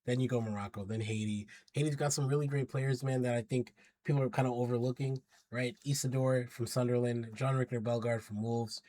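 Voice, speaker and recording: In casual predictions commentary, a man who vlogs as a football pundit goes over his picks with a warm, mid-range voice, fairly even intonation, and a slightly fast pace. He's chatty and slangy, hyping teams while hedging his choices.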